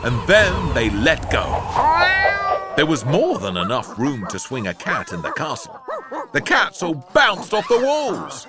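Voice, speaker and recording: A man reading a children's storybook aloud, lively and playful, punching out sound-effect words. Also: on the high side, unhurried, over loud music.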